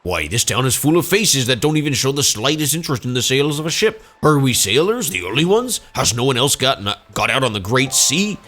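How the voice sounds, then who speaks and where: A man voicing a gruff, stubborn old sailor while playing a video game. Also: mid-range voice, big pitch swings, brisk, few pauses, a bit bright, soft background music. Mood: musing. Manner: gruff and scolding. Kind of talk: let's play voicing game dialogue.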